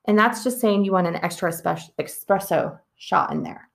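A woman co-hosting a casual podcast, chatting and rambling with plenty of "like" as she goes. Her voice has a steady creaky fry running through it. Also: medium pitch, moderate pace. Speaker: podcast co-host. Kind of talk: casual chat.

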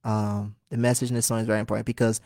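A man in his twenties from Liberia, a singer talking as a guest in a casual interview, animated and earnest, laughing often. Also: on the low side, racing, no echo, studio quality. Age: 20s.

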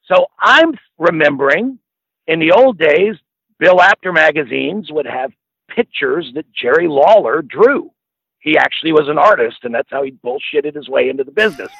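A man's voice: a little high, lively intonation, moderate pace, creaky, fairly bright tone, husky, no echo, muffled recording. A man, a former wrestling manager, telling long profane anecdotes as a podcast guest, laughing as he goes. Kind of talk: casual storytelling.

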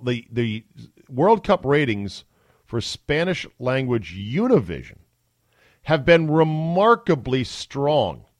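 A man's voice: mid-range voice, no room sound, studio quality. Wry, chatty male podcast host. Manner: chatty, wry, mock-amazed asides. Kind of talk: casual sports and news talk.

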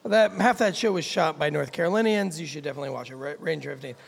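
A man's voice: on the high side, fast, gravelly, big-room sound, slight background noise. A man hosting a loose comedic chat show, joking and swearing, often stumbling over his words. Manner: joking, profane, stumbling restarts. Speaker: podcast host.

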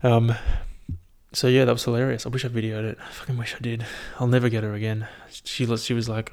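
A young man talks casually into a headphone mic about the highlights of his year. He rambles, swears freely and laughs at his own anecdotes in an unpolished way. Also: level tone, quick pace, vocal fry, a little mellow. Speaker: vlogger. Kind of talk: casual solo year-review chat.

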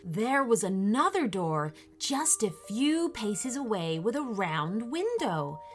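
A woman narrating a children's story with an expressive, animated reading. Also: mid-range voice, slow pace, faint music behind.

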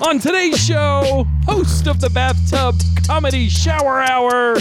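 A man voicing an over-excited male TV show announcer, shouting in a high sing-song. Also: a little slow, loud music behind the voice. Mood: hyped.

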